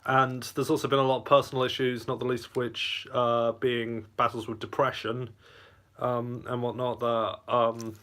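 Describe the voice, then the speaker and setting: A man's voice: mid-range voice, flat delivery, normal speed, fairly bright tone. A man hosting a casual live Q&A, reading chat aloud and rambling between bites of lunch. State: eating lunch while talking. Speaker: channel host.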